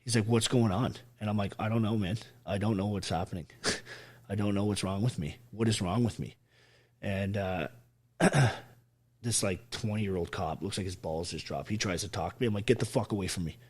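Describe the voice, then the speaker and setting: Veteran guest, man, low-set voice, raw and profane storyteller. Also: normal speed, breathy edge. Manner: profane, blunt, acts out quoted speech. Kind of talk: emotional storytelling on a podcast.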